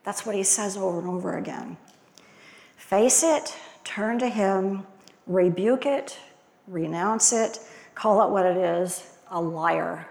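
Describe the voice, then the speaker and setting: A woman's voice: mid-range voice, slow, creaky, a little mellow. Woman, lay sermon, reflective, rhetorical questions, echoing hall. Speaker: lay preacher. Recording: long hall reverb.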